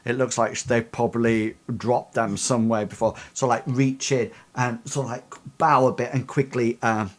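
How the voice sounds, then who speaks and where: A man's voice: mid-range voice, fairly even intonation, moderate pace, few pauses. A man narrating as game master of a streamed tabletop game, rambling with many fillers and restarts.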